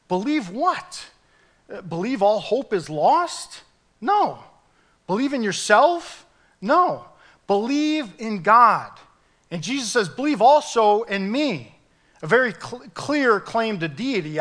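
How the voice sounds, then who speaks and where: A male pastor preaching a sermon in an animated, emphatic way, pushing his voice up at key points. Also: high voice.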